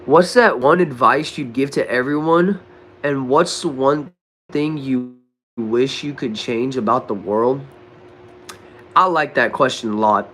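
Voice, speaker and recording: A young man with a Southern accent from Texas, casually answering chat questions on a livestream in a relaxed, drawling way. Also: medium pitch, unhurried, slight background noise. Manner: laid-back, drawling, says bro and dude a lot. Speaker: livestream host reading chat. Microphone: desk microphone.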